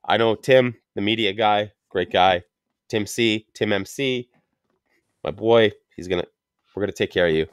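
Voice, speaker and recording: A young man with a lowish voice hosts a laid-back cigar podcast, cracking crude jokes and rambling through stories. The sound is dry and close. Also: moderate pace, smooth, no room sound. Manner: crude, joking, rambling storyteller. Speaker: podcast host. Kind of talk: casual cigar podcast chat.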